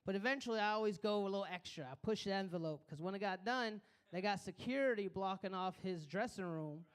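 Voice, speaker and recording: Guy doing standup, loose and braggy story, smooth clean voice. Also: sits high, fairly quick. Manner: loose, boastful, laughs at own story. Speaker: stand-up comedian.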